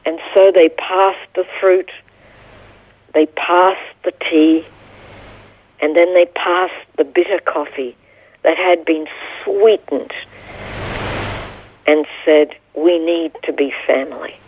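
A woman's voice: on the low side, steady tone, slow, pauses often. A middle-aged woman, a guest, earnestly telling a personal story in an interview. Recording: tinny phone line.

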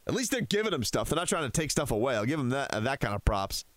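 A man's voice: medium pitch, big pitch swings, fast talker, fairly bright tone, dry recording. A man hosting a sports talk radio show from a studio, ranting with heated sarcasm.

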